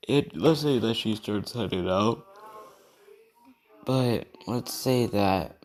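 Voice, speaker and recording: A tired young man improvising a fan story, with yawns in his voice. He rambles and hedges as he goes, speaking in a lowish pitch, with faint music in the background. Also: slow, a little mellow. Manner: rambling, hedging, many fillers. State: tired, yawning.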